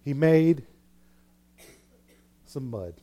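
A male preacher delivers a sermon in a high-pitched, warm, mellow voice. He tells the story dramatically, acting out the characters and shifting between hushed asides and loud, excited bursts. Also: drawn-out words. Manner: animated storytelling, acting out scenes with swings in loudness.

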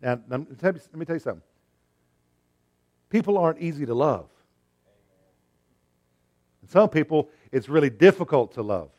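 A man preaching a sermon, asking rhetorical questions and swinging between loud and quiet delivery. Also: a little high, expressive, normal speed, long pauses.

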